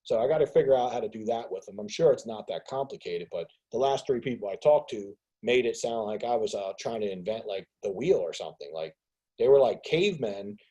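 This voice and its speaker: Guy ranting on a business group call, husky voice, kinda dark, gets animated. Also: fairly low pitch, brisk, hardly any pauses, poor audio. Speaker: host of a business mastermind call. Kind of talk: casual group call monologue.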